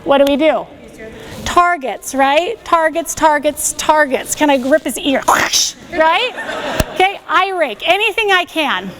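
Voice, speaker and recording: A woman teaching a self-defense class on a body microphone, giving energetic step-by-step commands and checking in with "okay?" after each one. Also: high voice, measured pace, noisy background. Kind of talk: classroom instruction. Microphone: wearing a microphone.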